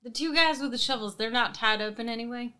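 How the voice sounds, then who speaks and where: A woman's voice: on the high side, quick pace, bright, forceful tone, clean tone. A woman playing in a tabletop game who puts forward practical plans. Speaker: player. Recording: group chatter behind.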